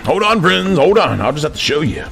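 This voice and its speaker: A man with a drawl preaches a heated rant into his camera from an office. His voice is bright and edgy with a gravelly fry. The pitch leaps and dives as he stammers through restarts. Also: big pitch swings, fairly quick, faint music behind. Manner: preachy, repeatedly addresses "friends", stammers when worked up. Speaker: vlogger in the persona of a command sergeant major.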